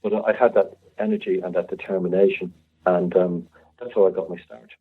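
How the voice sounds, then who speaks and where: An Irish man in his fifties, a restaurateur, telling an animated story and acting out both sides of the dialogue. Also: sits low, a little fast, breathy edge. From Ireland. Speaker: restaurateur guest. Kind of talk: storytelling anecdote. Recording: tinny phone-line sound.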